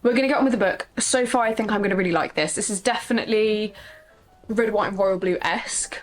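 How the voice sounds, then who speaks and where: A young woman talks her way through a reading vlog. She is chatty and quick to rant in exasperation, with lots of rhetorical questions. Her voice sits at an ordinary middle pitch. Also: faint music behind. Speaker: book vlogger.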